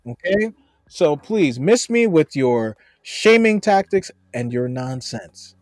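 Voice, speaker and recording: A man's voice: on the high side, big pitch swings, takes it slowly, a little mellow, dry recording, clean studio sound. A man from the United States co-hosting a podcast, reacting to viewer comments in a blunt, profane, sarcastic way. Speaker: podcast co-host.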